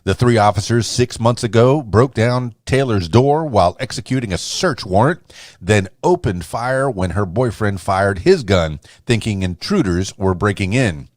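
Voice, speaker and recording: A man's voice: fairly low pitch, expressive, moderate pace, no room sound, studio quality. A man hosting a podcast, reading a numbered news roundup aloud with frequent stumbles and restarts. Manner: reads headlines aloud with frequent slips and restarts.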